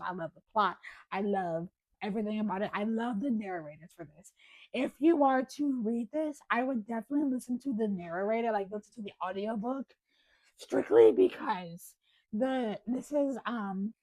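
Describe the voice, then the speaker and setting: A woman's voice: mid-range voice, moderate pace, mellow, dry recording, low-quality recording. A young woman with an American accent chatting casually about books to camera, rambling with fillers and a voice that is wearing out. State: losing her voice. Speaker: book vlogger.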